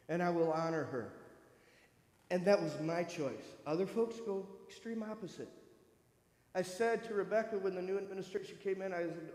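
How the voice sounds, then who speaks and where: A man in his fifties from northern Michigan giving a personal testimony at a church service, telling his story in an animated way and acting out other people's voices. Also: high voice. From northern Michigan, USA. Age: 50s. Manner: animated storyteller who acts out voices in quotes. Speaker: guest speaker at a church service. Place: church sanctuary. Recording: echoey hall with long reverb.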